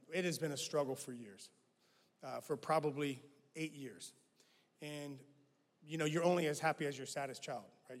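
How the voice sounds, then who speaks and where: A man preaching a sermon as guest pastor, who swings from loud emphatic lines to hushed ones. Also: fairly high pitch. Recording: long reverb of a large hall.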